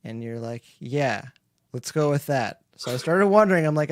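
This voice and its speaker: Podcast host, man, slightly high voice, chatty and rambling, dry close mic. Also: expressive, normal speed, dry recording. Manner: chatty, rambling questions, laughs often. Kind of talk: casual interview chat.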